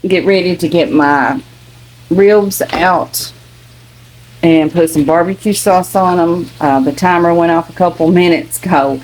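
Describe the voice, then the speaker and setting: An older woman with a Kentucky accent talks through her recipe in a low, easy voice. She chats in a homey way and explains each step of her home cooking as she goes. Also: darkish tone, rough recording. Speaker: cooking channel host. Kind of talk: casual home cooking vlog.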